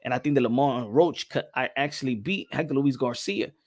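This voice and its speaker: A man hosting a casual boxing talk show, animated and repetitive, getting loud and excited as he makes his points. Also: medium pitch, fairly quick.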